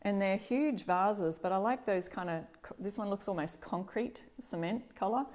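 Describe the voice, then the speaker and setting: A woman's voice: medium pitch, moderate pace, a little mellow. Chatty Australian woman hosting a craft live. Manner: chatty, greets viewers by name. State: slightly stuffy, clearing throat. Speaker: DIY craft host. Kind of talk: casual live-stream chat. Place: home workshop.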